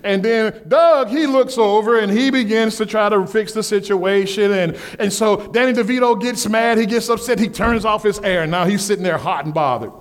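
Male preacher, high register, calls out questions to the pews, acts out characters in his story. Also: normal speed, hardly any pauses. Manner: call-and-response questions to the congregation, acts out whiny voices. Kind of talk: sermon with storytelling.

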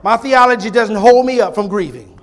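Preaching with fervor, a man with a high voice moves at a fairly quick clip. He alternates between booming, repeated emphasis and soft, intimate passages, tossing folksy remarks to his flock.

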